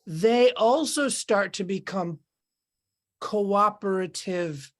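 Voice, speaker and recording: A woman's voice: mid-range voice, takes it slowly. A woman in casual podcast conversation, talking in a meandering, reflective way and acting out inner voices.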